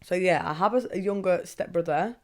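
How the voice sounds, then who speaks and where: A woman's voice: fairly low pitch, fairly quick. Candid woman podcasting. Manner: candid, swears freely, asks herself questions. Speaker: podcast host. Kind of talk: casual monologue.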